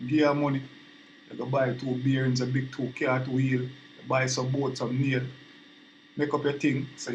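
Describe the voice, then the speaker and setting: A man's voice: medium pitch, flat delivery, brisk, slight background noise, rough recording. A young man with a Jamaican accent giving his opinion in a casual monologue, earnest and repetitive, often asking if you understand him. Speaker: vlogger.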